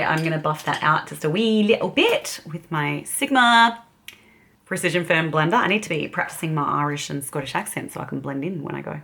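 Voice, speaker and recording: Aussie beauty vlogger lady chatting thru her makeup, giggly, swoopy kinda lowish voice. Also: a bit bright. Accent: Australian. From Australia. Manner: chatty and giggly, laughing often. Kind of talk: casual get-ready-with-me chat.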